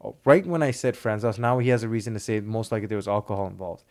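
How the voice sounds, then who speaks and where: A man, a criminal lawyer, talking casually in an interview and acting out exchanges with police. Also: on the low side. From Sri Lanka. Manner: fast, animated, acts out police exchanges.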